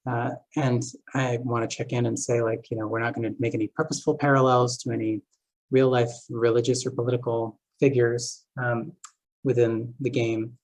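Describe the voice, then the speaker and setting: A man's voice: medium pitch, flat delivery, moderate pace, darkish tone, rough recording. A man who runs therapy groups as a game master, giving a casual seminar talk full of "like" and "uh" fillers. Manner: casual, filler-heavy, many "like" and "uh". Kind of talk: seminar lecture.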